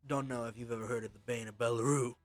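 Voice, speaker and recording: A man voicing a brash, gruff bandit leader who drawls and bosses his crew around. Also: mid-range voice, fairly even intonation, quick pace, natural voice. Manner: drawling and bossy, threatens to slap.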